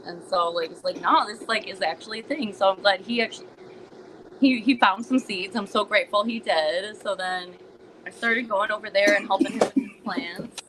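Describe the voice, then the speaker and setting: A woman's voice: mid-range voice, moderate pace, background noise. A woman guest telling her story in a chatty way, with many "like" fillers. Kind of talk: casual interview talk.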